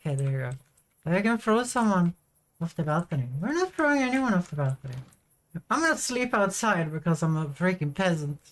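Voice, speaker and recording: A woman's voice: lowish voice, very animated, brisk. Chatty woman streaming a farming game. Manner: chatty, talks to chat, casual swearing. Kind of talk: casual gameplay commentary.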